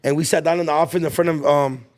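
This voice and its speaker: A fast-talking young man with a voice on the high side hosts a podcast and recounts school stories. His casual chat is packed with slang and swearing, and he acts out the quotes with animation.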